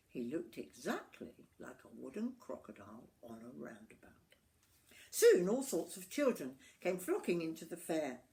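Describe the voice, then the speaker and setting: Older woman storyteller, lowish voice, animated reading. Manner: expressive, with asides to the listener.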